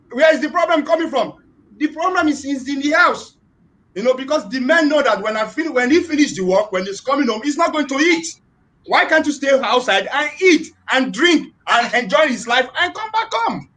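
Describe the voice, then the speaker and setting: A man's voice: very high-pitched, lively intonation, normal speed, fairly bright tone, slight background noise, low-quality recording. A man calling in to a live chat, giving his opinion in a preachy way, repeating points and invoking God. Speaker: caller. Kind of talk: earnest call-in opinion.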